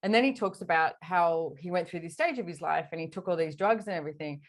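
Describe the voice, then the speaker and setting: A woman hosting a podcast interview, casually chatting, often agreeing with her guest and posing reflective questions. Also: on the low side. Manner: affirming, lots of quick agreement, rhetorical questions. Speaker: podcast host.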